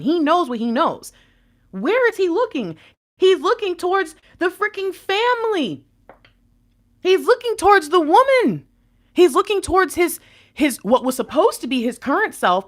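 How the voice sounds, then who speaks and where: A young woman runs a casual tarot reading on her channel. Her voice sits fairly high and swings widely. She jumps from loud laughing outbursts down to low mutters. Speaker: intuitive tarot reader and channel host. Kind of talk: excited casual live reading.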